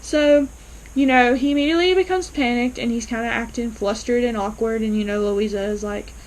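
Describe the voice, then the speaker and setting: A woman casually recapping and reacting to a TV episode, animated and quick to act out the characters' lines. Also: a little high, low-quality recording. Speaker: TV episode reviewer.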